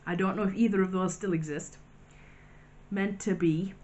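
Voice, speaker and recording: A woman in a casual vlog, reviewing sweets and crisps in a chatty, wry way with little asides. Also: mid-range voice, steady tone, moderate pace, a little mellow. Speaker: vlogger.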